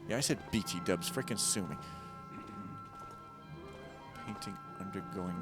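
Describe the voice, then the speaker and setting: A man casually commenting while playing a stealth game, rambling and joking, with sudden loud bursts and quiet mumbles, on a close mic. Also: low-pitched, a little fast, few pauses, over music. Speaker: gaming streamer. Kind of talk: casual let's-play commentary. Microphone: close desk mic.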